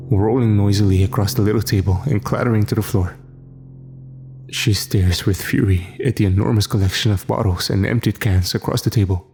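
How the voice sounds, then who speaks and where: Male horror narrator, low steady voice, faint music under. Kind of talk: scripted first-person horror narration.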